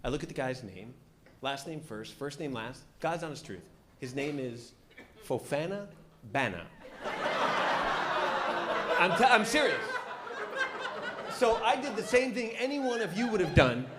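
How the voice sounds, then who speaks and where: Animated male stand-up comic. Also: fairly high pitch, measured pace, long pauses. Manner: storytelling, animated acting-out of characters. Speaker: stand-up comedian. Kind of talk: stand-up routine. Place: comedy club stage. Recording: live club recording with audience noise.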